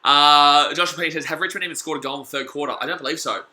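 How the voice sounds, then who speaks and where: Young Aussie fan-streamer, bright cutting high voice, yells at the game, echoey room. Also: male voice, rapid-fire. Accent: Australian. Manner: excitable, shouting at the game, reading chat aloud. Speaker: live-stream fan commentator. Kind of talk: live fan watch-along commentary.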